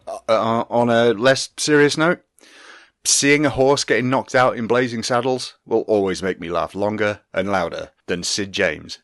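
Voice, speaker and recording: A man's voice: lowish voice, moderate pace, fairly bright tone, no echo, clean studio sound. A man delivering an exasperated, sardonic scripted rant as a podcast presenter. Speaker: segment presenter.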